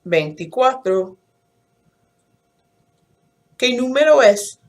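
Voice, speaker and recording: A woman teacher leads a language lesson at an unhurried pace, speaking slowly and deliberately. She explains in English, then counts and quizzes numbers aloud with clear, careful pronunciation. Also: a little high, expressive. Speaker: Spanish teacher.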